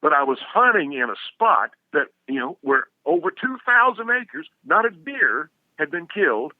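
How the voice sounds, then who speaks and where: A man's voice: fairly high pitch, sing-song, normal speed, no echo. An older man, a guest telling a rambling, folksy story full of restarts. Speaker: guest, outdoor TV hunter. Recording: dry, tinny phone-like sound.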